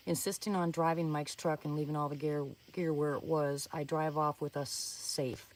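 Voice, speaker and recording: A woman's voice: deep voice, fairly even intonation, moderate pace, few pauses. A woman reading a first-person story aloud, in an earnest, suspenseful telling with small slips. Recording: voice somewhat distant from the mic.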